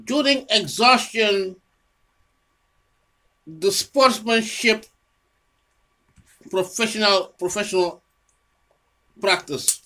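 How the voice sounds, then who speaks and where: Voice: medium pitch, slow pace, long pauses, pushed and bright. A person giving a rambling unscripted monologue about their own research, often repeating words and restarting phrases, and scolding an imagined listener. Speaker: home video presenter showing own research.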